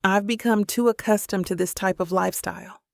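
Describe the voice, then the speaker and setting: A woman voicing a wistful, soft-spoken young man in an audiobook. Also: mid-range voice, steady tone, brisk, gravelly, no echo, studio quality, close to an everyday voice. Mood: gentle. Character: young man, gentle and wistful film star.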